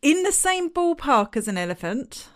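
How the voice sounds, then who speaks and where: A woman hosting a live podcast, telling stories in a chatty, lively way. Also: sits high, moderate pace. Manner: chatty, lively storytelling with laughs. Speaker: podcast host.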